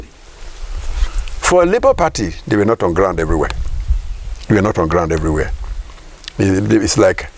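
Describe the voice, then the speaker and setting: A Nigerian man, a professor, giving emphatic political commentary in an interview, repeating points and asking rhetorical questions. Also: mid-range voice.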